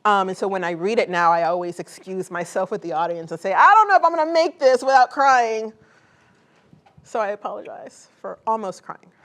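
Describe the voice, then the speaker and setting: A woman poet speaks before a live college audience, moving between a read poem and loose, friendly talk. She jokes easily and fills her sentences with "like" and "um." Her speaking voice sits at a middling pitch. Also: a bit bright. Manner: casual and chatty, with many "like" and "um" fillers. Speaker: poet and author. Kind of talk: poetry reading and audience Q&A.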